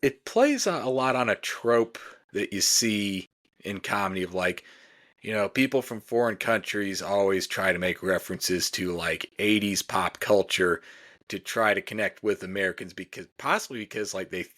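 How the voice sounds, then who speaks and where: A man's voice: on the low side, normal speed, fairly bright tone. A man co-hosting a podcast, recapping comedy sketches in a rambling casual chat full of "like" and "you know". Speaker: podcast co-host.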